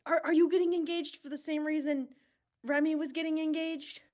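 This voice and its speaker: A woman with a very high voice plays a tabletop role-playing game, trading quick jokes and puns. She banters lightly between in-character lines and table talk. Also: steady tone, darkish tone. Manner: joking, quick asides, laughs at own puns. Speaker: player.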